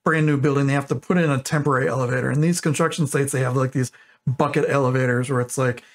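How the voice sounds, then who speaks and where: A man's voice: medium pitch, steady tone, quick pace. A man in his twenties casually telling a long joke, rambling and correcting himself as he goes. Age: 20s. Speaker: YouTuber.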